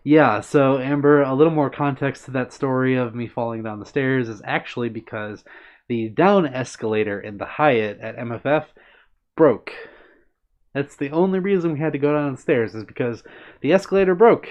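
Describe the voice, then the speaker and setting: A man hosting a live stream, chatting casually and answering viewers by name in an upbeat way. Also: mid-range voice. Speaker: livestream host reading chat. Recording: dull lo-fi stream audio.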